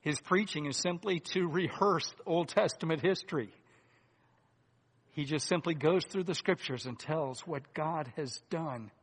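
A man's voice: a little high, slightly rough. Earnest preacher man in a reverberant hall. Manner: deliberate and earnest, swings between loud emphasis and hushed asides. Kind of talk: sermon.

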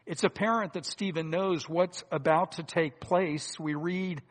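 Male preacher with a slightly raised voice, earnest and deliberate, loud emphasis and hushed asides, in a church hall with a long echo. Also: on the high side, fairly even intonation. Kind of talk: sermon.

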